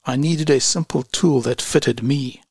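A man with a gravelly, slightly husky voice reads a scripted product review at a measured, unhurried pace. The sound is dry and close, with no room around it. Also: medium pitch, a little mellow, no room sound. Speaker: online business reviewer.

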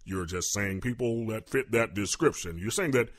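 A man's voice: lowish voice, moderate pace. A man hosting a comic radio call-in show, talking patiently and hesitantly with many ums and uhs.

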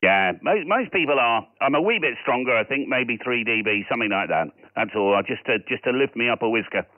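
Running a ham radio session, a Scottish man trades call signs and signal reports with relaxed, friendly chat and quick call handling. His medium-pitched voice is expressive, the recording dry, the audio tinny.

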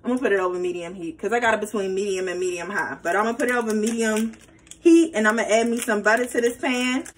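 A woman's voice: mid-range voice, quick pace, slight background noise, poor audio. A woman hosting a casual cooking tutorial, chatty and playful, talking straight to her viewers. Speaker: cooking vlogger.

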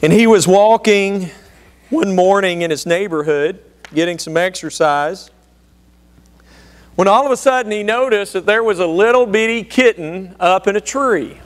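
A man's voice: high-pitched, normal speed. A man preaching a sermon, telling a folksy joke story and calling out questions to the congregation. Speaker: pastor.

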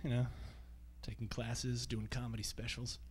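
A man's voice: mid-range voice, flat delivery, normal speed, a little mellow. A man doing stand-up comedy on a theatre stage, telling loose, profane stories to a live audience. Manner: loose, profane anecdotal storytelling. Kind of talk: stand-up set.

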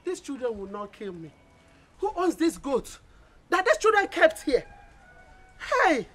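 An actress playing a furious village woman who scolds and shouts after the thieves of her goat. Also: sits high, sing-song, unhurried, faint music behind, heavily acted. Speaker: angry goat owner.

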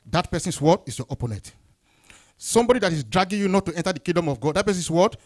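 Lively call-and-response preacher man. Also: racing. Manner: call-and-response questions, rising then dropping low. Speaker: pastor. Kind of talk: sermon.

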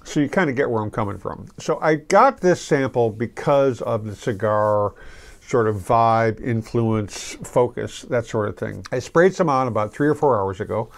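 A middle-aged man giving a casual, rambling fragrance review to camera, relaxed and full of restarts. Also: medium pitch, normal speed, creaky.

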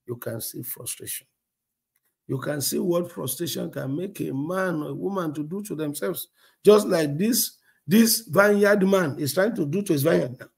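A man preaching a sermon as pastor, telling a story in an animated way, acting out dialogue and chuckling often. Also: on the high side, moderate pace, creaky, breathy edge.

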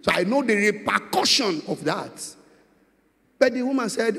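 A Nigerian man preaching a sermon, moving between quiet storytelling and shouted prayer, with call-and-response questions to the congregation. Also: sits high, animated, normal speed, in a large hall. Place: large church with long reverb.

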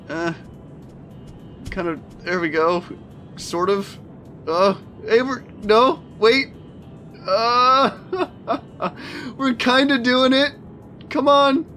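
A man hosting a gameplay video, reacting excitedly as he plays, laughing often and swearing when things go wrong. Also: sits high. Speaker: gaming video host. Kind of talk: let's play commentary.

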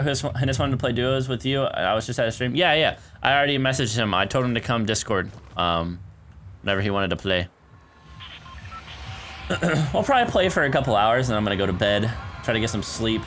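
Lively, excitable young-sounding gamer guy. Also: mid-range voice, normal speed, pauses often, faint music behind. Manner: excitable, chatty, laughs often, calls viewers dude and guys. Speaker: live streamer playing a shooter game. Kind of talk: casual live gameplay commentary. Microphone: desk microphone near a keyboard.

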